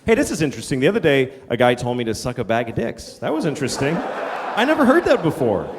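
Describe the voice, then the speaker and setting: A middle-aged man performing a stand-up comedy set on a theater stage, telling an exasperated story and acting out shouting characters. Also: medium pitch, wildly swooping pitch, quick pace, noisy background. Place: large theater stage before a live audience. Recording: reverberant theater, loud crowd laughter. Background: audience laughter.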